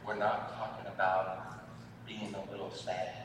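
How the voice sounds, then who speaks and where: A man, a family therapist, giving a sermon-style talk to a church audience, with halting speech and repeated words. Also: deep voice, little pitch movement, noisy background. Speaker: marriage and family therapist speaking at a church event. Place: church hall. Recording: echoey hall from far off.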